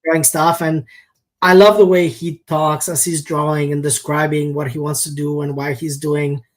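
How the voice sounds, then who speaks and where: A man from Spain, a guest on a casual show, talking in a relaxed way in long, flowing sentences. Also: fairly high pitch, normal speed. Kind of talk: casual conversation.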